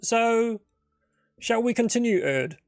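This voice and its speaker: A man's voice: very high-pitched, animated, slow pace, vocal fry, no echo, studio quality, pitched above the performer's own voice, full character voice. A man doing a nervous, stammering young adventurer. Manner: hesitant, stammering, apologetic.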